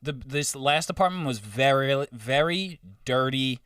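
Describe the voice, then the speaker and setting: A man's voice: mid-range voice, expressive, a little slow, a bit bright, distant mic, slight background noise. A young man in his twenties co-hosting a podcast, teasing his friend in casual banter. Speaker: podcast co-host. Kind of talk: casual chat.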